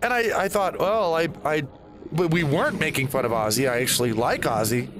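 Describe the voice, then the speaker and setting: A man in his forties with a fairly high voice talks briskly against a noisy background of game sounds. Hosting as a gaming storyteller, he rambles animatedly through a personal story and swears at the game.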